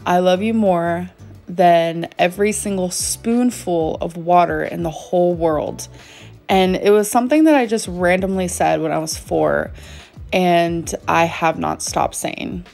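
A woman in her thirties talks to her vlog audience from home in a relaxed, rambling way, dotting her sentences with fillers. She speaks very slowly in a slightly low voice. Soft music plays faintly underneath. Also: gravelly. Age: 30s. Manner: unhurried, chatty, many fillers like "um" and "like". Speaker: vlogger. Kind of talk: casual vlog chat.

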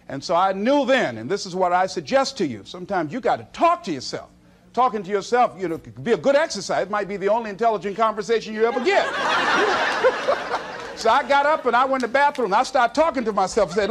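A man's voice: high voice, a little fast. A man giving a motivational speech, telling stories and acting out his own self-talk. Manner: storytelling, animated, acts out self-talk. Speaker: motivational speaker.

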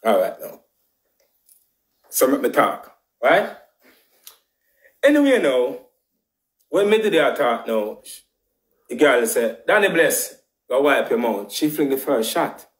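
A man's voice: mid-range voice, slow, pauses often, echoey room. A man with a Jamaican patois accent, ranting heatedly on a live stream, repeating himself with emphatic swearing. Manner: animated, repetitive, emphatic patois rant with swearing.

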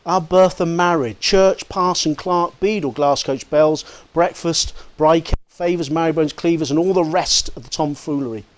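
A man's voice: fairly high pitch, normal speed, few pauses, lightly acted. A man voicing a sneering, spiteful male toy maker who mutters scornfully.

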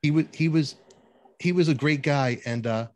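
A man's voice: a little high, normal speed, darkish tone. A man hosting a podcast interview, chatting eagerly and often echoing his guest's words. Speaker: podcast host. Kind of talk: casual interview chat.

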